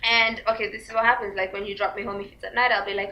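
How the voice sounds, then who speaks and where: A young woman telling a storytime to her vlog viewers, full of fillers and likes, acting out quotes in a high squeaky voice. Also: steady tone, fast talker, few pauses. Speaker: vlogger. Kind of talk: casual storytime chat. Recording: dull lo-fi recording.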